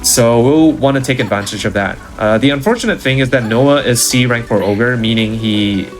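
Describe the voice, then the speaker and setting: A man's voice: medium pitch, moderate pace, soft background music. A man explaining his speedrun route in an easygoing, casual way as he plays. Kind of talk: casual gameplay commentary.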